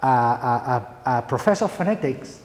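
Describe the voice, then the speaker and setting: A man's voice: mid-range voice, expressive, moderate pace, darkish tone. Spanish-accented man lecturing in an echoey hall. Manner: emphatic, playful lecturing with rhetorical questions. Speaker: pronunciation teacher. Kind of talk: lecture to university teachers.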